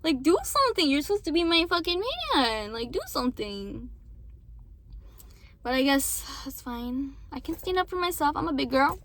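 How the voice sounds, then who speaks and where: High-voiced young woman venting casually. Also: animated, moderate pace, fairly bright tone. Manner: rambling, frequent swearing and apologies. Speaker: vlogger.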